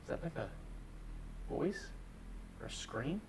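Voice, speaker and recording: A man on a ghost hunt, talking in an alert hush and calling out to spirits. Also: on the high side, very animated, takes it slowly, background noise. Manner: hushed and alert, calls out to spirits. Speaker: guest paranormal investigator. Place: dark old building indoors.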